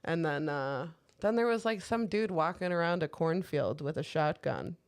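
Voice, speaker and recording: A woman's voice: sits low, animated, normal speed, clear, resonant tone. Candid, profane woman co-host. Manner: candid, swearing storyteller who quotes herself. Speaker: podcast co-host. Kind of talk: casual chat.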